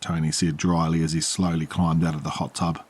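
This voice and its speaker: Deep, husky New narrator. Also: male voice. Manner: calm, measured storytelling. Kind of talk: scripted horror narration.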